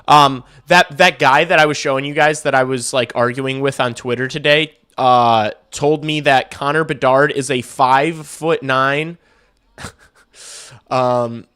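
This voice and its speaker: Offering casual sports commentary on a hockey livestream, this host rambles and swears without much thought. He speaks a little slowly with fairly even intonation, his medium-pitched voice clear, resonant, pushed and bright.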